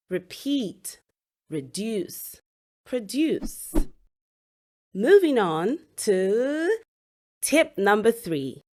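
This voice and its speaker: Woman teaching english pronunciation, slow and careful, voice going up and down a lot on each example word. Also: medium pitch, a little mellow. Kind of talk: scripted pronunciation lesson.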